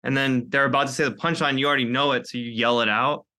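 A man's voice: mid-range voice, fairly even intonation, fast talker, bright, forceful tone. A man chatting as a guest on a podcast, rambling and self-conscious, joking with the hosts. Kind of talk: casual chat. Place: podcast studio.

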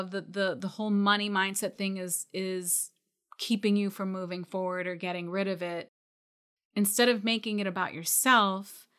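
A woman with a bright, crisp voice speaks as a retail business coach. She talks straight to her listeners, encouraging but firm, pushing them past their excuses. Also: medium pitch. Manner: direct, encouraging, calls listeners out. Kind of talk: coaching podcast talk.

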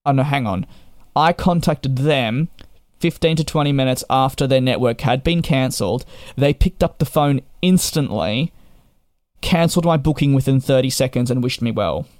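A man's voice: medium pitch, normal speed, a little mellow, no echo, clean studio sound. A young man tells a frustrated storytime rant to camera. He sounds exasperated and sarcastic. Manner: exasperated and sarcastic, with repeated restarts. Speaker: travel vlogger.

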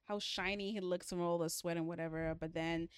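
A young woman co-hosting a casual book chat, animated and dramatic, laughing often. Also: lowish voice, fairly quick, smooth, no room sound. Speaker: podcast co-host.

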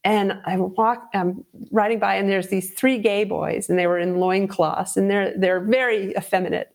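A middle-aged woman speaking as a guest author, telling personal stories with real expressiveness. Her voice sits at an ordinary middle pitch. She acts out the people she quotes, jumping up in pitch when she does. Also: expressive, moderate pace, creaky. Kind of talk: storytelling interview chat.

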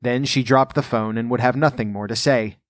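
A man reading a storybook aloud in a measured, even way, then adding his own commentary. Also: medium pitch, dry recording, clean studio sound.

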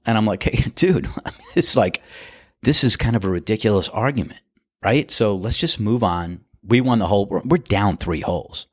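A man casually telling a golf anecdote, animated and laughing as he acts out the other players' lines. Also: on the low side, normal speed, breathy edge, no room sound, studio quality.

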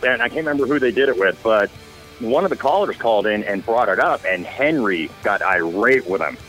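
A man spinning raucous stories on a talk radio show, his pitch swinging up and down as he gets into them. His voice sits mid-range, with a faint bed of music behind him and plenty of swearing. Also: a little fast, rough recording. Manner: animated, profane anecdote-telling. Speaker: guest storyteller. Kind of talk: casual radio chat.

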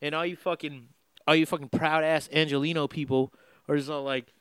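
A man's voice: a little high, steady tone, fairly quick, fairly bright tone, smooth, dry recording, clean studio sound. A young man hosting a podcast, rambling through a casual monologue full of filler words and swearing. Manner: profane, heavy filler words, meandering. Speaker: podcast host.

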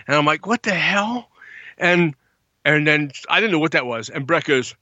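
A man's voice: fairly high pitch, moderate pace, no room sound, highs cut off. A man telling a story in casual chat, acting out quotes in a raised voice. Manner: animated, acts out quotes in a raised voice.

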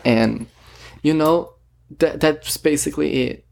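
A man's voice: a little high, slow, gravelly, a little mellow. A man vlogging to a self-recorded camera, telling a story in a rambling, filler-heavy way and acting out bits of conversations as he goes. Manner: rambling, filler-heavy, retells talks with quoted dialogue. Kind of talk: casual storytelling monologue. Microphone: self-recorded camera or phone.

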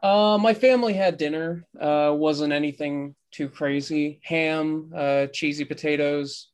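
A man with a fairly high voice co-hosts a casual podcast. He talks in a relaxed, rambling way, with plenty of filler sounds between his thoughts. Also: measured pace, clean tone. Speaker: podcast co-host.

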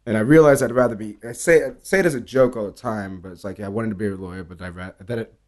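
A man with a slightly low voice tells stories in a loose, conversational way. He swears often and slips into acted-out lines from the people he is describing. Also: fast. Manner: animated storyteller, acts out quoted dialogue, swears freely. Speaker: bartender guest. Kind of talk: casual storytelling interview.

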